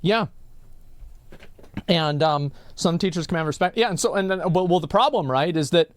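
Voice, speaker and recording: A man's voice: fairly high pitch, expressive, normal speed, no room sound, studio quality. A man from Texas hosting a live stream, telling a long story in a rambling, profane way full of filler words.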